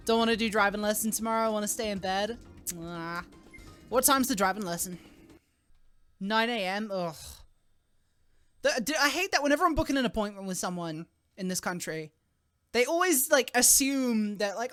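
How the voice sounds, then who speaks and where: A young adult woman streaming live, chatting casually, swearing freely and squealing loudly when thanking donors. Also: fairly high pitch, animated, normal speed, soft background music.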